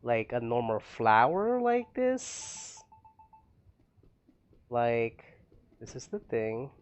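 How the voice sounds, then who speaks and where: A man's voice: mid-range voice, big pitch swings, very slow. A man streaming a building game, rambling to himself with frequent laughs as he plays. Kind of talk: casual gameplay commentary.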